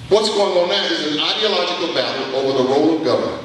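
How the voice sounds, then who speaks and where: Male orator, bright forceful voice, preacherly build and repetition; distant echoey banquet-hall recording. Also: a little high, expressive, fast talker, slight background noise. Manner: preacherly, building to emphatic rising peaks with repetition. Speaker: political speaker. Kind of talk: rousing political speech.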